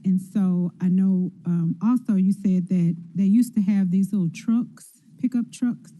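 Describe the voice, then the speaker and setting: A woman's voice: medium pitch, steady tone, a little slow, dark tone. A councilwoman, questioning officials at a public budget hearing in a folksy, conversational way. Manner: folksy, conversational, with everyday examples. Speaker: city council member. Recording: dull lo-fi meeting audio.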